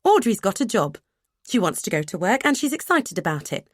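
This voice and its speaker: A woman voicing a brash, outspoken 1970s woman who talks in a loud, mocking, indignant way. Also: deep voice, brisk, no echo, studio quality, lightly acted.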